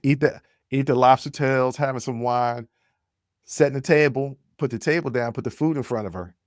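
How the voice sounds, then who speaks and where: Animated man telling a story. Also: mid-range voice, moderate pace, no room sound, studio quality. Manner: animated, addresses listeners directly. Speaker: podcast host. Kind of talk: storytelling monologue.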